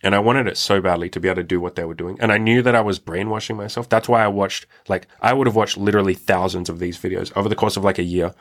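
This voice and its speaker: Young male podcast host, very low voice, candid and reflective, casual swearing. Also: steady tone, fast talker, few pauses. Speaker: podcast host telling his own story. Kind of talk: candid personal storytelling.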